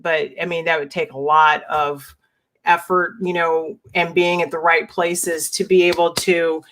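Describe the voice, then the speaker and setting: A woman's voice: fairly low pitch, level tone, unhurried, fairly bright tone, poor audio. A woman hosting a casual group chat, often restarting sentences as she searches for words. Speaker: host of a women's group call.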